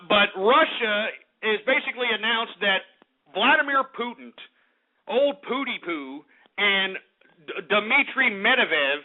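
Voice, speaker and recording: A man hosting a radio talk show, ranting angrily and profanely, with swings from low muttering to loud outbursts. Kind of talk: angry talk radio rant. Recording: tinny phone-like radio broadcast.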